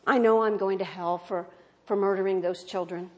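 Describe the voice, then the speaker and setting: A condemned man, tearful and subdued, speaking low and quietly , as a woman puts him on while preaching. Heavy with remorse. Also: fairly even intonation, moderate pace, close to an everyday voice. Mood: remorseful.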